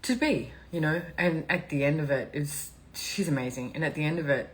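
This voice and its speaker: A woman with a low, animated voice speaks fairly quickly on a roughly recorded live stream. As host, she talks in a rambling, candid, emotional way, often teary and often laughing, in casual live-stream chat.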